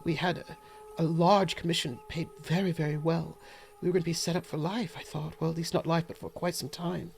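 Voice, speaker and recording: Man voicing a grieving blacksmith's widow; higher, rushed, bewildered delivery. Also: steady tone, gravelly, a little hiss or hum. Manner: shaky, hurried, bewildered.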